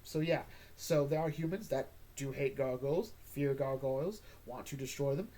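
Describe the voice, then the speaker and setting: A man's voice: medium pitch, moderate pace, mellow, a little hiss or hum. A man hosting a casual comic book recap, rambling and joking with sarcastic asides. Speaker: comic book podcast host.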